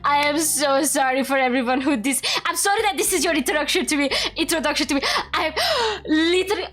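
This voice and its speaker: A woman streamer reacting live to a game, excitable, squealing and screaming with delight. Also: high-pitched, brisk, hardly any pauses, faint music behind. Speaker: VTuber streamer.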